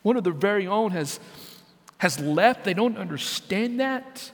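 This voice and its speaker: A man preaching as senior pastor, dramatic, dropping to a hush and then rising to loud, pleading questions. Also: sits high, expressive, measured pace, vocal fry, long reverb tail. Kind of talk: sermon.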